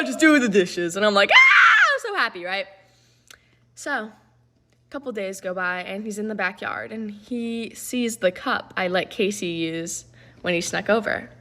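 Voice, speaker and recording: A woman's voice: mid-range voice, background noise. A young woman telling a rambling, profane personal story in casual chat, full of "like".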